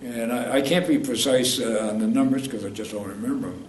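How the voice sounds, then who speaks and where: A veteran in his eighties from New York State rambles through war memories in an oral history interview, correcting himself mid-sentence as he goes. He speaks a little fast in a mid-range voice, recorded in a roomy space from a distant mic with faint noise.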